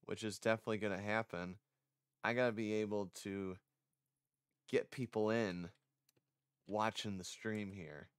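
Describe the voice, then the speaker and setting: A man's voice: fairly low pitch, a bit bright, smooth, no room sound, studio quality. A man streaming casually, rambling and self-conscious, a little congested. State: slightly congested. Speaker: vtuber streamer.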